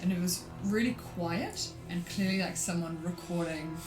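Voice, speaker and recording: A woman's voice: on the low side, normal speed, roomy sound, recorded from a distance, music in the background. A woman chatting casually beside a gamer, asking short curious questions. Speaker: co-host watching games. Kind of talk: casual chat.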